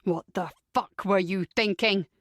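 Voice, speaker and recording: A woman's voice: medium pitch, steady tone, measured pace, no echo, clean studio sound, pitched below the performer's own voice, close to an everyday voice. A woman voicing an angry young man who gives curt, snarling orders in an audiobook. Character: furious young man, commanding and harsh.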